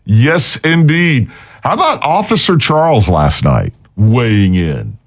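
A man's voice: on the low side, huge pitch swings, a little slow, slightly rough. A man co-hosting a radio talk show, laughing and agreeable. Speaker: radio co-host. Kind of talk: casual radio chat.

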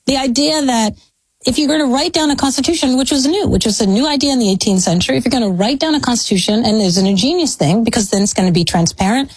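Speaking from a law school as an interview guest, this historian from the United States offers lengthy, reflective, scholarly answers. She talks fast in a fairly high, slightly rough voice, and the rough recording has no room sound.

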